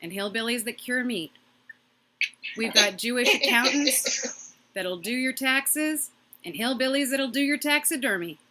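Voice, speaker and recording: A woman doing a stand-up comedy set from her own microphone on a video call, delivering quick, punchy jokes and laughing at her own lines. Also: on the high side, animated, background noise. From Massachusetts.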